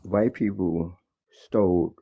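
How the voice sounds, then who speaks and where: A man's voice: deep voice, steady tone, slow pace, slightly rough. A man in his sixties from Chicago, calling into a livestream and lecturing insistently, over dull lo-fi call audio. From Chicago, Illinois. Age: 60s. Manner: preachy, insistent, repeats "let me tell you". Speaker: caller.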